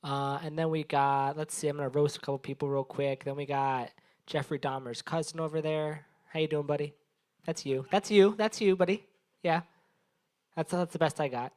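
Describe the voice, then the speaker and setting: A young man with a fairly high voice hosts an open mic at a small bar, delivering flatly, briskly, and a little mellow. He does rambling, profane crowd work in front of a live audience, teasing the people there.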